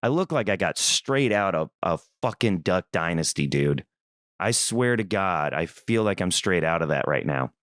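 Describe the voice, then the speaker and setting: A young man from Missouri hosting a podcast, telling a rambling, animated story in a casual, swearing manner. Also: deep voice, moderate pace, no room sound, studio quality. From Missouri, USA. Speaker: podcast host.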